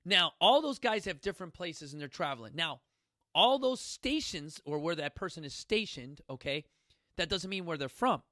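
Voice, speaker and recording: A man's voice: a little high, lively intonation, moderate pace, pushed and bright, no room sound, clean studio sound. A man from Chicago hosting a casual motivational talk, rambling, joking and speaking bluntly with some profanity. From Chicago, United States. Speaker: host.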